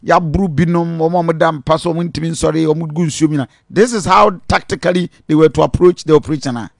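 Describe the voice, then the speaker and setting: Ghanaian male radio host, slightly high. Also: creaky, dry recording, clean studio sound. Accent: Ghanaian English. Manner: brisk, prompting with short acknowledgements. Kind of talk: radio interview.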